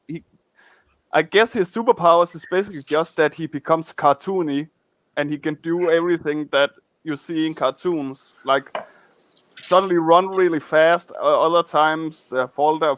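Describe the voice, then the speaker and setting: A man hosting a casual podcast chat, talking in halting bursts and often repeating words. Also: on the high side, fairly bright tone, dry recording. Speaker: podcast host.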